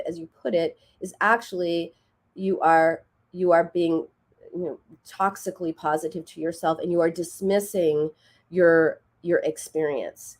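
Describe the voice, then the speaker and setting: A woman's voice: fairly low pitch, a little mellow. A middle-aged woman hosting a radio advice show, explaining patiently and acting out quoted dialogue. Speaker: radio show host and therapist.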